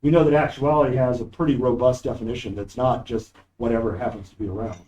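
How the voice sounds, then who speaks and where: This philosophy lecturer talks fast in a mellow, mid-range voice with fairly even intonation, speaking emphatically and discursively to his university class and reading quotations aloud. No microphone was used; the poor audio was cleaned up later.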